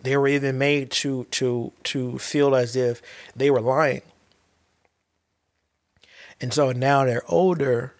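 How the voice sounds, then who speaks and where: A man's voice: mid-range voice, fairly even intonation, slow, long pauses. Earnest father speaking from the heart. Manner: earnest, repeats and restarts phrases, emphatic. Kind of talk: heartfelt monologue.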